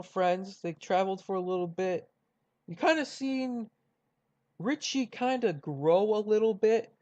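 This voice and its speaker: A man's voice: sits high, a little mellow, lo-fi sound. A young man casually chatting through a ranked list, rambling with many fillers and restarts. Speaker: YouTuber ranking cartoon rivals. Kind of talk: casual commentary.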